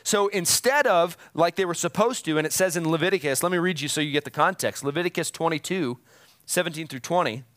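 A pastor delivers a sermon, walking his listeners through scripture with earnest conviction. His voice sits a little high for a man and climbs to emphatic peaks. The sound is close and dry, with no room around it. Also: fairly quick, fairly bright tone, no room sound.

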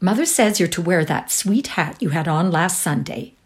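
A woman reading aloud, voicing an excitable young woman who gushes in a high, bright voice. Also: normal speed. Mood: gushing.

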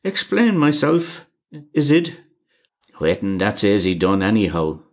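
A man voicing a grim old male Irish car driver who speaks with a thick brogue and warns gravely. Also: fairly low pitch, big pitch swings, a little slow. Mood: earnest warning.

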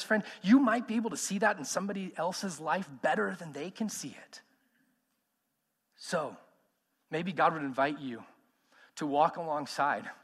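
A man's voice: on the high side, a bit bright, breathy edge, big-room sound. A man in his thirties preaching a sermon, emphatic and conversational, putting questions to the congregation. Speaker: pastor.

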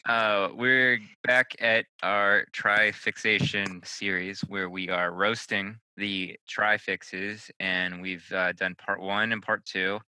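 A man's voice: lowish voice, little pitch movement, slow pace, few pauses, pushed and bright, smooth, dry recording, rough recording. A man hosting a podcast, chatting and teasing his co-hosts with roasting banter. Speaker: podcast host. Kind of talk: joking podcast chat.

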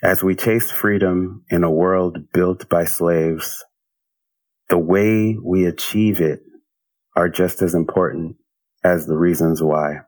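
A man speaking as a guest in a slow, measured and contemplative way. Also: sits low, a little mellow, no echo, low-quality recording. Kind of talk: reflective talk.

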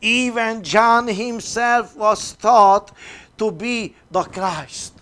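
A man, a priest leading a retreat, reading a sermon slowly and deliberately with long pauses and dramatic swings between loud and soft. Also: high voice.

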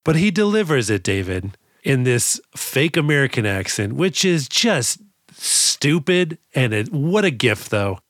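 A man co-hosting a movie podcast, talking fast and swearing, excitable and full of mock impressions. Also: mid-range voice, dry recording, studio quality. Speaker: podcast co-host.

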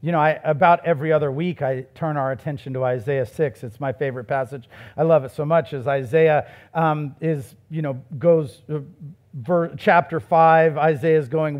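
Male pastor with a high voice, preaching conversationally with emphatic peaks. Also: moderate pace, dull audio. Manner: conversational preaching that builds to emphatic, raised passages. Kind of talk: sermon.

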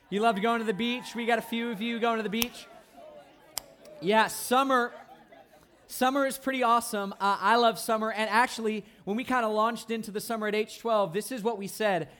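A young man giving a lively, playful youth sermon, often checking in with the crowd. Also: sits high. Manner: animated, playful, asks the crowd "right?" often. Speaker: youth pastor.

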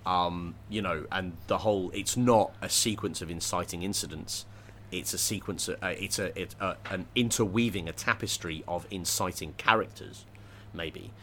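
A man in casual discussion, thinking aloud with many pauses, fillers and restarts. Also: sits low, a bit bright, slight background noise.

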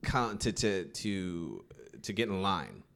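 A man's voice: low voice, big pitch swings, slow pace, vocal fry, fairly bright tone. A man in casual chat, telling a rambling, profane story with lots of restarts.

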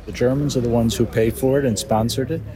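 A man speaking as an interviewee, explaining things in a relaxed way. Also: mid-range voice, fast talker, background noise. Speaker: family historian interviewee.

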